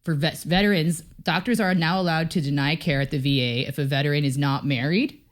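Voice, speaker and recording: A woman comedian chatting casually as a podcast guest, talkative and quick to laugh. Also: low voice. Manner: chatty, quick to laugh, slips into acted-out quotes.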